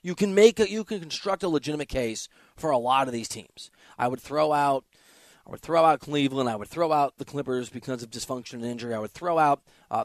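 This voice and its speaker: Animated male sports talk host. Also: medium pitch, dry recording. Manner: emphatic, animated, offhand asides. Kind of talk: opinionated sports talk monologue.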